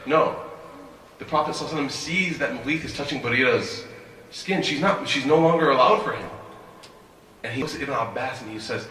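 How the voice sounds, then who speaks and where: Give me a quick, animated man delivering a sermon, with long hall reverb and faint ambience. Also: on the high side, a little hiss or hum. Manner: animated storyteller, rhetorical questions. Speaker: imam. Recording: echoey hall, voice from a distance.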